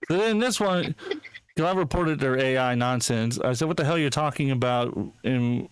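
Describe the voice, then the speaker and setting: A man's voice: mid-range voice, normal speed, smooth, no room sound. A man hosting a podcast, ranting with heavy profanity, mocking and indignant, reading posts aloud and laughing. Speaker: podcast host. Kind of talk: casual podcast rant.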